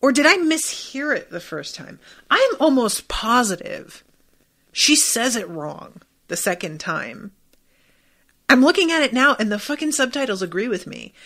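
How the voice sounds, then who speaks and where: A woman hosting a podcast, recapping a TV episode in a casual, profane, animated way. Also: on the high side, a little slow. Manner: animated, profane, bursts into laughter.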